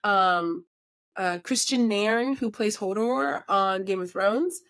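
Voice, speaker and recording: A woman guest with an American accent, born in New Jersey and raised in England, telling stories in a casual interview and doing lively impressions of people. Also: mid-range voice, takes it slowly, dry recording. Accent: American, with a British accent that comes out at times. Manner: animated anecdotes with impressions and laughs. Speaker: guest, voiceover artist and filmmaker.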